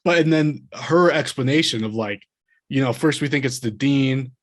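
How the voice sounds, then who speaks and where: A man's voice: medium pitch, normal speed. A man co-hosting a podcast, talking about a book in a casual, rambling and enthusiastic way, often laughing. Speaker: podcast co-host.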